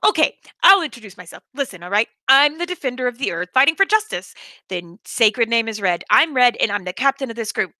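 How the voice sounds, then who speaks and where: A woman's voice: fairly high pitch, animated, a little fast, sharp tone, no echo. A woman voicing a brash young man who calls himself a hero and leader, speaking boastfully and indignantly.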